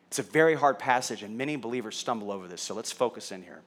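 A man's voice: medium pitch, rapid-fire, few pauses, a bit bright. A middle-aged man, a pastor, teaching a sermon in a conversational way, checking in with his audience and teasing the room. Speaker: pastor teaching a Bible study.

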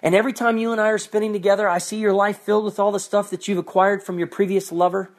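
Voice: mid-range voice, level tone, fast, close to an everyday voice. A preacher voicing God as a jealous husband who asks hurt, reproachful questions. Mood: pleading.

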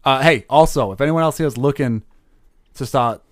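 A man voicing a hot-tempered male barbarian with a put-on New York accent, gruff and quick to take offense. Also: mid-range voice, dry recording, studio quality, close to an everyday voice. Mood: touchy.

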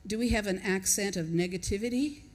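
A woman's voice: medium pitch, brisk, soft background music. A woman preaches to her congregation in an easy, conversational way. She thinks aloud and puts questions to the listeners as she goes. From not from Australia, lives there. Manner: conversational, reflective, chuckles between points. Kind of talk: sermon.

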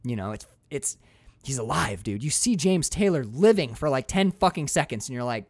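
A man hosting a casual chat about a film, excitable and swearing freely as he acts out scenes. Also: mid-range voice, normal speed, no echo.

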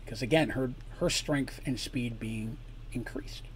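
A man's voice: mid-range voice, unhurried, slight background noise. A man acting as game master, narrating a tabletop campaign story and breaking off to explain the rules and lore.

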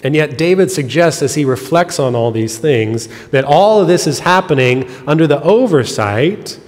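A man's voice: on the high side, animated, normal speed. Earnest man preaching in a reverberant hall. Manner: earnest, explanatory, softening to quiet on heavy lines. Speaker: pastor. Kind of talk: sermon. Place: church sanctuary. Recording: long reverb of a church hall.

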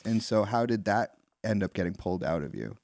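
A man hosting a podcast, asking questions in a halting way full of fillers. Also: on the low side, animated, gravelly, darkish tone, dry recording, studio quality. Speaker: podcast host. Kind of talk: casual interview chat.

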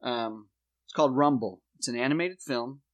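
A man hosting a comedy podcast, laying out a mock conspiracy theory in a deadpan voice with dramatic emphasis. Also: mid-range voice, normal speed.

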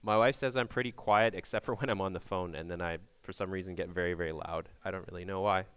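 A man leading a group through a Passover meal, giving loud instructions into a microphone and checking in with frequent "okay?"s. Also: low voice, steady tone, fast, clear, resonant tone, no room sound. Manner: projects loudly into a microphone. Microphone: handheld or stand microphone.

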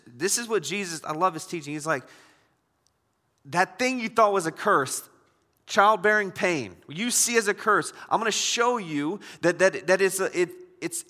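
A man in his thirties preaching a conversational sermon, swinging between loud emphatic bursts and hushed asides. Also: on the high side, long reverb tail. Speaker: pastor.

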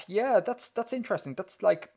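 A man co-hosting a casual podcast, talking in a rambling, animated way full of fillers and restarts. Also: sits high, moderate pace, creaky. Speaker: podcast co-host. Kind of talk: casual chat.

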